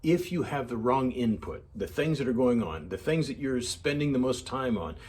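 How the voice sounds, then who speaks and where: Older man, mid-pitched, earnest mentor, advice to teens. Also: expressive, moderate pace, a little mellow. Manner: earnest, repeats himself, quotes others in changed voices. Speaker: youth mentor.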